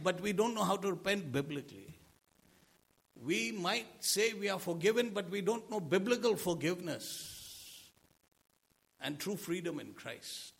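A man's voice: high voice, creaky, fairly bright tone, husky. A man preaching a sermon to a congregation, asking them rhetorical questions. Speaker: pastor.

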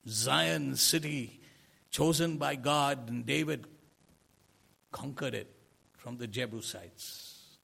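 A man's voice: mid-range voice, slow, gravelly, pauses often, pushed and bright, husky. A man preaching a sermon in an earnest way, asking rhetorical questions and swelling into emphasis.

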